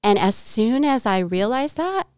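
This podcast guest, a middle-aged woman from Southern California, shares her own faith story in a lively way, voicing the quoted lines of the people in it. She speaks a little high and a little slowly, her voice smooth and clear. The room sounds dry and close, without echo.

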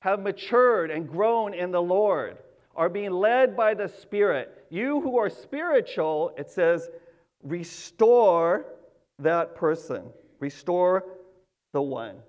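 Emphatic preacher, high voice, slow delivery. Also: male voice. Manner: earnest, emphatic, repeats key words. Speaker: pastor. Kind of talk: sermon. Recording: dull lo-fi sound.

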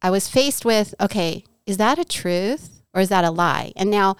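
A middle-aged woman from Southern California tells a personal faith story with an animated delivery, acting out the lines of the people in it. Her voice is smooth and clear, and the room sounds dry and close. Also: mid-range voice, normal speed, dry recording. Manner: animated storyteller, acts out quoted dialogue. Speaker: podcast guest.

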